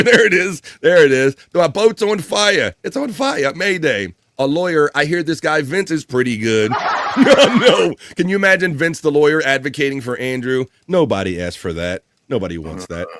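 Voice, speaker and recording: Male host, casual live-stream chat, reading comments, lively pitch, dry sound. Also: no room sound. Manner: joking, reads viewer comments aloud. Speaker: show host.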